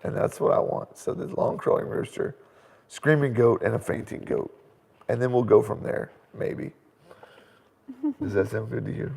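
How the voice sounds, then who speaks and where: Gravelly-voiced man chatting in a reverberant room. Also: medium pitch, moderate pace, long pauses. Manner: animated, laughing storyteller. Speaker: host. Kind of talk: casual live Q&A chat.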